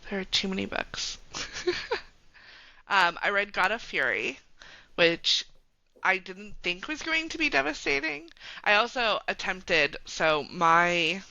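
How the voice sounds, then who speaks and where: Bright, chatty woman podcast guest. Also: medium pitch, sing-song, slow pace, creaky, dry recording, muffled recording. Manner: chatty and laughing, many fillers. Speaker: guest, romance bookstore founder. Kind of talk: casual podcast chat.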